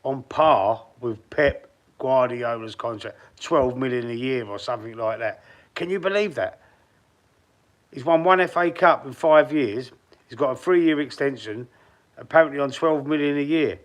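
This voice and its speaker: A man's voice: mid-range voice, normal speed. A man from London's East End with a Cockney accent, chatting on a football fan live stream and reading out viewers' comments. He rambles a little and restarts his sentences. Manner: speaks straight to chat viewers by name.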